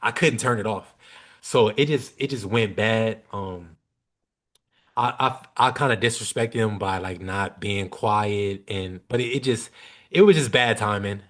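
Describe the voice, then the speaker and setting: A man's voice: fairly low pitch, a little slow. A young man chatting casually as a podcast guest, telling a story with lots of slang and swearing. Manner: animated, slangy, swears freely.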